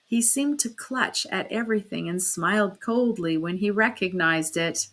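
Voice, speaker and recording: A woman narrating a classic novel as an audiobook reader, in a steady storytelling manner. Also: moderate pace. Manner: steady storytelling, raises pitch and volume for quoted speech. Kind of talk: scripted narration.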